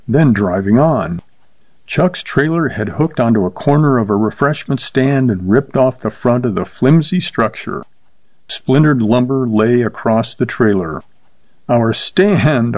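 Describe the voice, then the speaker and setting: A man narrating a short story in a steady, measured reading voice. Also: lowish voice, no echo, highs cut off. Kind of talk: scripted narration.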